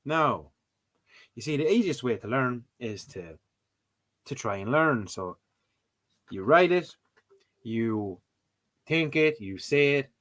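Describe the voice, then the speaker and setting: A man's voice: mid-range voice, lively intonation, slow pace, pauses often, a bit bright. A young Irish man vlogging casually in a playful, exasperated way, repeating words as he tries them out. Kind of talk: casual video chat.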